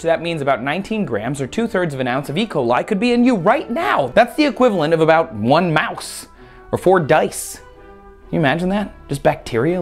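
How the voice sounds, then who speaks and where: A woman hosting a science explainer video, playful and jokey with lively asides. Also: deep voice.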